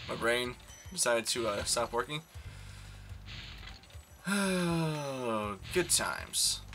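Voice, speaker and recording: Bright-voiced rambling young man gaming. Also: medium pitch. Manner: rambling, self-mocking, profane. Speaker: let's play commentator. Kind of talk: casual gameplay commentary.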